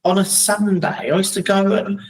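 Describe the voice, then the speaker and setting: A middle-aged man from London with a South London accent, a podcast guest telling stories in a lively, casual way and acting out what people said. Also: sits high, moderate pace, rough recording. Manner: animated, acts out quoted voices. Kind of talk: casual storytelling chat.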